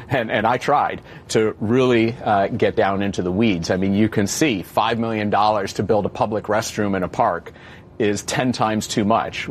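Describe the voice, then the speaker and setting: Low-voiced man answering, lots of fillers. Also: slight background noise. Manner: loose, hesitant, many fillers. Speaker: former mayoral candidate, guest. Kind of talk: conversational interview.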